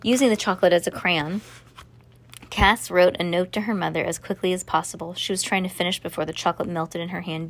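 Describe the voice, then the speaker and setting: A woman reading a children's novel aloud in a steady storytelling voice, with a few slips and restarts. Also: on the low side, a little fast. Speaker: reader.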